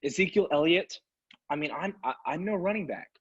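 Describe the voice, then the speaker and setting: A man's voice: fairly high pitch, animated, fairly quick, breathy edge. A man co-hosting a sports podcast, ranting in casual talk, sarcastic and exasperated. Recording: dull lo-fi sound.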